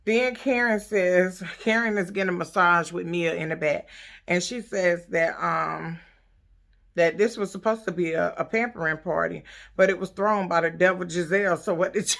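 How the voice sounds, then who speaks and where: A woman's voice: on the low side, moderate pace, vocal fry, a bit bright. A woman recapping a reality show episode for her channel, with casual profane and sassy storytelling. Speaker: YouTube recap host.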